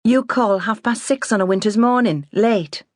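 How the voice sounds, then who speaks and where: A woman voicing a defiant nineteen-year-old farm girl, sharp and sarcastic. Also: medium pitch, expressive, unhurried, no echo, clean studio sound, voice pushed up, lightly acted.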